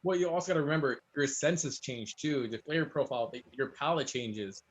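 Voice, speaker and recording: A man, a guest chef, telling stories in casual chat and acting out quoted voices. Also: a little high. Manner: fast, storytelling, animated quotes.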